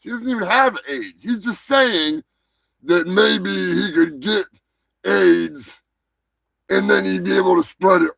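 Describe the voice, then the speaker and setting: A man hosting a live show, chatting casually, joking crudely, swearing and shouting now and then. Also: high-pitched, creaky, low-quality recording. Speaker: host. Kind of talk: casual live-stream chat. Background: music playing.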